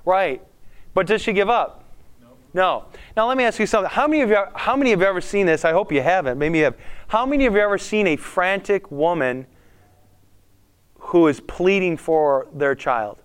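A pastor preaches a conversational sermon, animatedly putting frequent questions to the congregation. His voice is high and smooth, and he talks a little fast.

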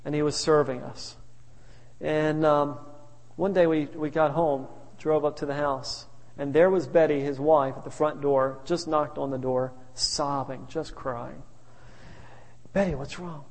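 A man's voice: on the high side, little pitch movement, a little slow. A male pastor telling stories in a sermon, humorous and anecdotal with chuckling asides. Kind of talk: sermon storytelling. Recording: reverberant hall.

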